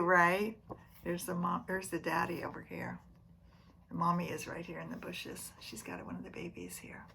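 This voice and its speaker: A preschool teacher, a woman, reads a picture book aloud to young children, often dropping to a near whisper and gently asking them questions. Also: fairly low pitch, gravelly, slight background noise.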